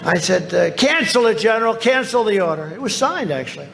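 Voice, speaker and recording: A man's voice: sits high, expressive, quick pace, gravelly, hardly any pauses, fairly bright tone, slight background noise. A man giving a rally speech into a podium microphone, telling boastful, repetitive stories to a crowd. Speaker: politician speaking at a rally. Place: large rally venue.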